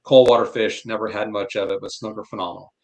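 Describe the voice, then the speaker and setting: A man from Florida, a podcast guest, telling fishing stories in a blunt, animated, opinionated way. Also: lowish voice, fast talker. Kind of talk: casual fishing chat.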